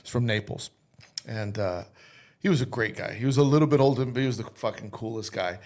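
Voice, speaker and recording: A man talks quickly in a loose interview chat. He tells his stories brashly and swears freely. He sounds like a host at ease with his guest. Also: mid-range voice, darkish tone. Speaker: host and chef.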